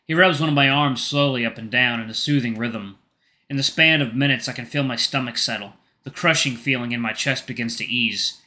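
A man reading a visual novel aloud, calm storytelling with casual asides. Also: mid-range voice, brisk. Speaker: let's play narrator.

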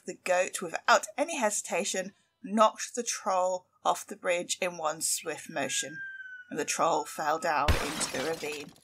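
A woman from a library reading a children's folk tale aloud in a lively, expressive storytelling voice. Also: fairly low pitch, husky.

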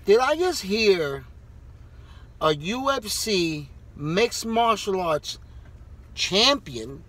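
A man with a high voice rants straight to camera, swearing constantly and circling back on himself. His pitch swings widely as he heats up and cools down, a wrestler sounding off about the fight world. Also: big pitch swings, drawn-out words, a bit bright. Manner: profane, heated, rambling. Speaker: wrestler vlogger. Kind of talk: ranting to camera.

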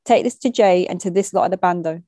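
A woman voicing a grown male drug dealer with an Italian accent, easy and joking on top with a quiet threat under it, while reading a short story aloud. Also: on the low side, fast talker, no echo, studio quality, lightly acted. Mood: smooth, menacing. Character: menacing male drug dealer, grown man, laughing then cold.

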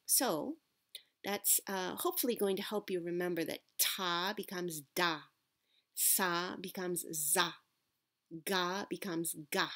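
A woman teaching Japanese pronunciation in a patient, deliberate classroom manner, modelling sounds for her students. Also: on the low side, a bit bright. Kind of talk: classroom-style lesson.

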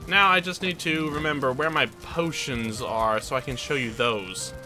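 A man's voice: medium pitch, normal speed, bright, forceful tone, soft background music. A man giving playful, chatty let's play commentary as he tours his game base, joking at his own expense. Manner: playful, chatty and self-mocking. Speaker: gaming channel host.

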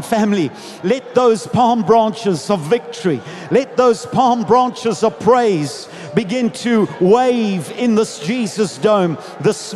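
A pastor preaching a sermon with passion, often shouting and leading his congregation in declarations. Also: high voice. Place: large church dome. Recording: long hall reverb.

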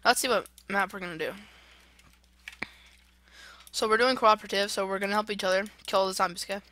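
A young woman hosting a casual game playthrough, excitable, swearing and yelling at the game. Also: mid-range voice, brisk. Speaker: gaming channel host. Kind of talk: casual let's-play chat.

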